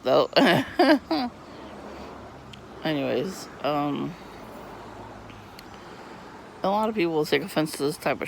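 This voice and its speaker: Irritated cursing guy venting outside on his street, slightly high gravelly voice, keeps coughing and clearing his throat. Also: slight background noise. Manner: profane, irritated and rambling, laughs often. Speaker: vlogger. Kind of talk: rambling casual monologue. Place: outdoors on a residential street.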